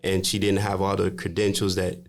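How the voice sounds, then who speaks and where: Low, flat-voiced man summing things up. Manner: measured, summing up points with "um" pauses. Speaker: podcast co-host. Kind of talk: casual podcast interview.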